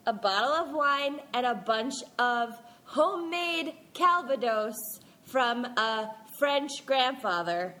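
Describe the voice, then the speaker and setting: A woman's voice: a little high, lively intonation, slow, few pauses, pushed and bright. A young woman co-hosting a podcast in casual chat, tipsy from wine, rambling and giggly. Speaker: podcast co-host.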